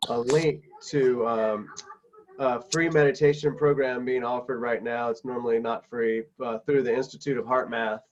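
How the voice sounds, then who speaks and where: A man hosting a live stream, making quick offhand remarks, with kids faintly heard behind him. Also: medium pitch, fairly even intonation. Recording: dull lo-fi audio with faint noise. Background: faint noise of kids.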